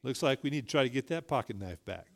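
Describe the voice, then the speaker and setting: A man's voice: medium pitch, animated, fast, gravelly. A middle-aged male pastor preaching a sermon, telling a folksy story and rising emphatically on key points.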